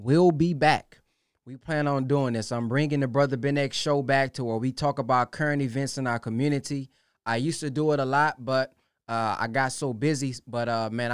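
A middle-aged man hosting a call-in talk show, taking callers with brief, calm acknowledgments. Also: mid-range voice, smooth, no echo, studio quality.

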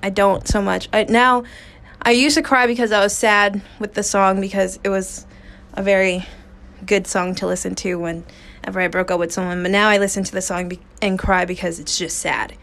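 A woman's voice: mid-range voice, steady tone, normal speed, creaky, a bit bright. A woman hosting a podcast, telling a personal story in a candid, raw way with casual swearing and many fillers, recorded on a phone in a small booth. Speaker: podcast host.

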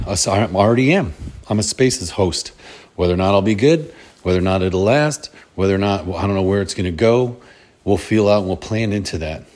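A man's voice: fairly low pitch, darkish tone. A middle-aged man talking alone on his podcast in a casual, upbeat, motivational way, rambling and restarting his sentences as he goes. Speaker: podcast host. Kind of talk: casual solo podcast monologue.

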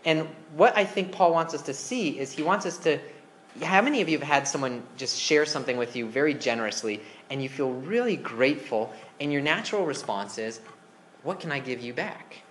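A man's voice: fairly high pitch, lively intonation, a little fast, fairly bright tone, a little hiss or hum. A man preaching a sermon as pastor, conversational and asking the congregation questions. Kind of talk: interactive sermon. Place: church.

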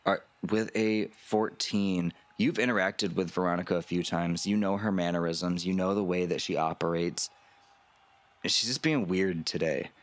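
A man's voice: low-pitched, normal speed, dry recording. A man narrating a tabletop game as game master, casual and loose.

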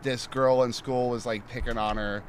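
A man's voice: medium pitch, moderate pace. A man in his thirties or forties telling a story in casual, profane chat, rambling with lots of filler words. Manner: animated storytelling. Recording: loud crowd noise behind.

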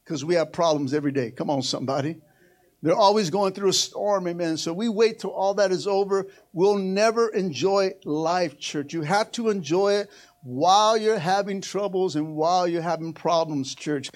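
An older man, a pastor, preaching a sermon with fervent energy, often calling out "amen" and rising to shouts. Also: high voice, normal speed. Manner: energetic preaching with frequent "amen" and "come on, somebody", climbing to shouts.

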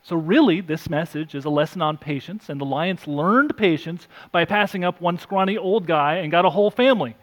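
A male pastor preaching an earnest sermon, reading scripture aloud, rising for emphasis and dropping soft. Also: a little high, fairly quick, few pauses. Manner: self-deprecating asides.

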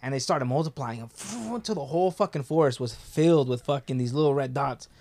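A man's voice: mid-range voice, fast, a little mellow. A young man telling a story in casual talk, laid-back and profane, with lots of filler words.

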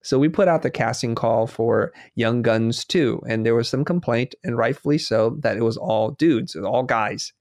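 A middle-aged man chatting as a guest, telling stories with lively acted-out dialogue. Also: mid-range voice, moderate pace, hardly any pauses, no echo, studio quality. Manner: animated storyteller, acts out dialogue. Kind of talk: casual conversation.

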